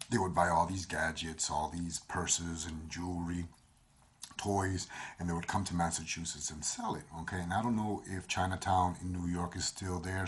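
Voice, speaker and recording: A man's voice: low voice, slightly rough. A middle-aged man with a Puerto Rican accent telling personal stories in a rambling, casual way, slipping Spanish phrases in. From Puerto Rico. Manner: rambling, repeats himself, mixes in Spanish phrases. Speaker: storyteller.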